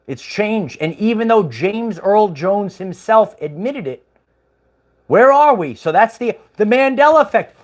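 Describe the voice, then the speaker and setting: Higher-voiced man, casual rambling livestream host, chuckles often. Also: expressive, unhurried. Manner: rambling, chuckling, many fillers.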